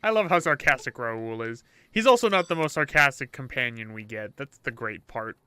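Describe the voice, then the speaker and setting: Young man, casual game commentary, bright tone, crisp clear voice, playful chat. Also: medium pitch, lively intonation, moderate pace, dry recording. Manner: chatty, playful, trails off to mumbles. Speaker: let's-play host.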